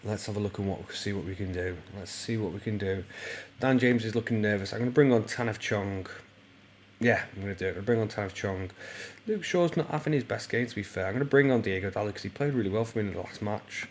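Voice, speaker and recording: A man giving casual let's-play commentary on a football management game, rambling with lots of ums and bursting into excited play-by-play. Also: fairly low pitch, quick pace, slight background noise. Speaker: gaming YouTuber.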